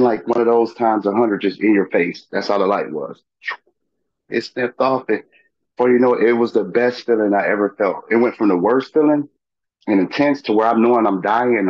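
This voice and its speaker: A middle-aged man, a podcast guest, telling a personal story in a halting way, with many fillers and restarts. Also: fairly low pitch, no room sound, dull audio.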